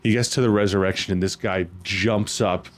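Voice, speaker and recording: Earnest, fairly low-voiced man talking faith. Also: moderate pace. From United States. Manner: earnest, animated storytelling with restarts. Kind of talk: casual faith chat.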